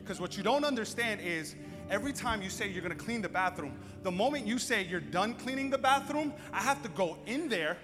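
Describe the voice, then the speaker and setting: A man's voice: high voice, lively intonation, fairly quick, fairly bright tone. Man doing exasperated scolding wife. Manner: scolding, insistent. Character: exasperated wife scolding husband over chores. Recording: echoey hall, faint music.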